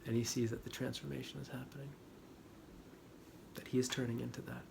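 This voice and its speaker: A man giving a spiritual talk, retelling a story in an animated, dramatic way that swings from loud to hushed. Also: medium pitch, brisk, vocal fry. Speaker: spiritual teacher. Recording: steady background noise.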